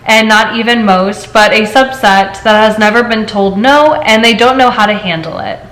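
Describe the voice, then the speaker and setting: A woman hosting a casual chat show, reading stories aloud and telling her own story in an animated way. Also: medium pitch, moderate pace. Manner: animated storyteller, laughs often. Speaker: host. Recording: echoey room.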